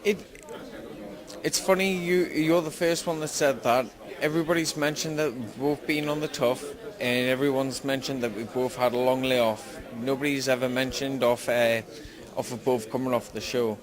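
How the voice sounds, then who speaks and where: A young man with a Geordie accent from Newcastle, speaking slowly and carefully in an interview. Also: medium pitch, fairly even intonation. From Newcastle, England. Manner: slow, careful speech, tries to sound articulate. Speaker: fighter. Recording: crowd noise behind.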